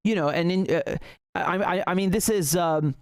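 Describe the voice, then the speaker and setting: A man's voice: high-pitched, normal speed, a little mellow, clear, resonant tone, no echo, studio quality. A man giving heated, indignant solo commentary, sarcastic at times, often stumbling and restarting his sentences. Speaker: political commentator.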